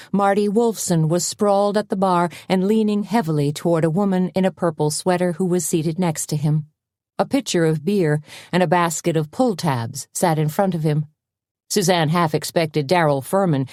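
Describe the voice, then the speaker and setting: A woman narrating a cozy mystery audiobook in a steady, plain way. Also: low voice, no echo, studio quality. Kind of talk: scripted narration.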